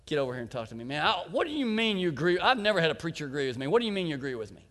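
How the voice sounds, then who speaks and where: A blunt, gruff working man, put on by a preacher mid-sermon. His voice drops lower and softer than the storyteller's own. The long reverb of a big hall hangs behind it. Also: sing-song, racing. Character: gruff, blunt male ironworker.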